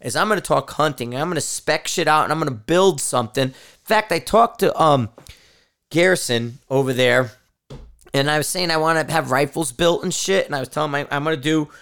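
Male podcast host, middle-aged, rambling frustrated rant, salty language, clear resonant tone. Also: fairly high pitch, brisk, fairly bright tone. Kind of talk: casual solo rant.

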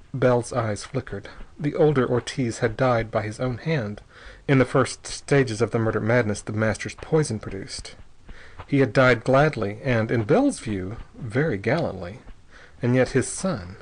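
Guy reading an audiobook, steady and measured, mid pitch. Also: slightly rough, low-quality recording. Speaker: narrator. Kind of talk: audiobook narration.

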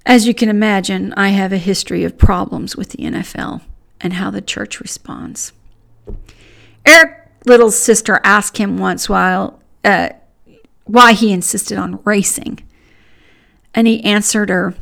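Gravelly-voiced woman podcast host. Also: mid-range voice, a little slow, a bit bright. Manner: earnest, pointed, conversational. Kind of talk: Christian commentary podcast monologue.

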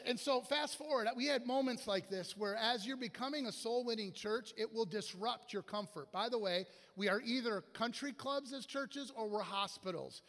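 High-voiced male preacher in a reverberant hall. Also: fairly bright tone. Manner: storytelling with acted-out quotes and asides. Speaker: guest pastor. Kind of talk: sermon. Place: church sanctuary. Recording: long church hall reverb.

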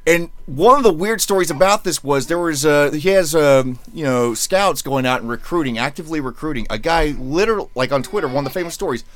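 A man's voice: on the high side, expressive, brisk, few pauses, fairly bright tone. A man co-hosting a podcast in casual chat, rambling and sarcastic, often restarting his phrases. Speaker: podcast co-host.

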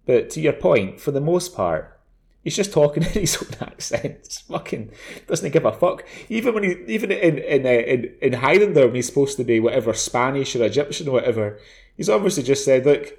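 A man's voice: medium pitch, expressive, brisk, creaky. A man co-hosting a podcast, chatting casually, swearing freely and repeating words as he starts his sentences. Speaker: podcast co-host. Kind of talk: casual chat.

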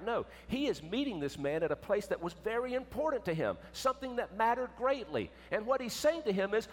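A man preaching a sermon, emphatic, swinging between loud and hushed. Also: sits high, very animated, brisk, hardly any pauses. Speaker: pastor. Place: church sanctuary. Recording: echoey church with long reverb.

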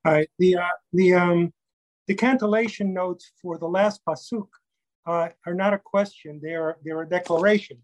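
A man's voice: high voice, fairly even intonation, moderate pace, dry recording, rough recording. A man in a class making a precise correction about the text. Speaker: class participant.

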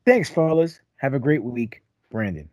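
A man's voice: medium pitch, sing-song, measured pace, darkish tone, no room sound, clean studio sound. A man co-hosting a casual podcast, joking around and reading listener emails aloud. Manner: playful, sings and jokes, reads aloud with asides. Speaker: podcast co-host.

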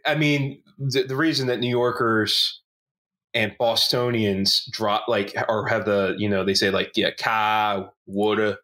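A man's voice: on the low side, fairly even intonation, measured pace, sharp tone. A man co-hosting a casual podcast, rambling and joking with lots of restarts and swearing. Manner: rambling, profane, many restarts and fillers, joking. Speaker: podcast co-host. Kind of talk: casual chat.

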